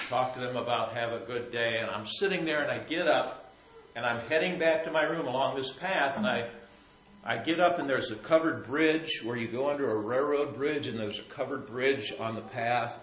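A man telling a personal faith story in a rambling, repetitive way, sometimes growing soft and emotional. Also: mid-range voice, echoey room, rough recording. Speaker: Christian storyteller.

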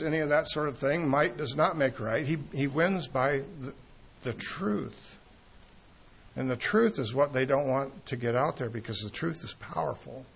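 Man, sermon, gravelly voice, husky tone, earnest and emphatic, halting pauses. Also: a little high. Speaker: preacher.

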